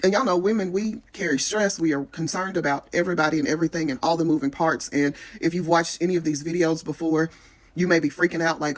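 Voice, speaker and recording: A woman's voice: low voice, fairly even intonation. Frank, earnest woman vlogging. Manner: frank, earnest, rambling with many pauses. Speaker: vlogger giving preparation tips. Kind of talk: casual talk to camera.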